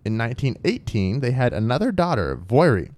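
A man spins a spooky tale for his podcast in a loose, conversational way. His mid-range voice moves a lot in pitch, and he laughs and hedges along the way. The recording is dry and close. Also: big pitch swings, fairly quick, darkish tone, no echo. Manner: chatty, laughs often, hedges with ums. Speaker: podcast co-host and storyteller. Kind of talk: casual storytelling podcast.

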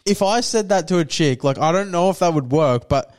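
A man's voice: on the high side, lively intonation, a little fast. A young man, co-hosting a podcast in crude, casual banter, rambling with lots of fillers and slang. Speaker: podcast co-host.

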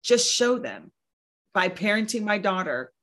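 A woman's voice: medium pitch, sing-song, a little slow, fairly bright tone. A woman in her thirties, a podcast host, talking earnestly and with emphasis in a casual chat, sometimes acting out what others say. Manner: earnest, emphatic, acts out quoted voices. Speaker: podcast host and guest speaker.

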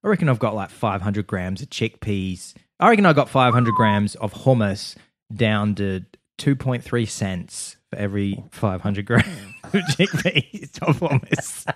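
A man's voice: on the low side, animated, unhurried, no room sound. A man joking and laughing in a casual podcast chat, swearing freely. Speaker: podcast co-host.

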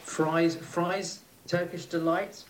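A man's voice: fairly high pitch, little pitch movement, slow. Male chef, guest chat; hesitant, laughing, recorded in an echoey room. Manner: rambling, hesitant, laughs easily. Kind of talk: casual interview chat. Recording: echoey room with faint noise.

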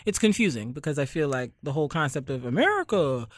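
A man's voice: on the high side, sing-song, fast, no echo. A young man from Barbados hosting a podcast in casual chat, sardonic and rambling, leaning heavily on fillers. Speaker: podcast host.

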